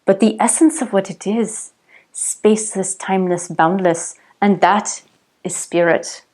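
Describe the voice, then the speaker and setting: A woman voicing a serene, wise spiritual guru in a put-on Indian accent, speaking in slow, grand, sing-song pronouncements. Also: medium pitch, darkish tone, lightly acted. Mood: serene, lofty.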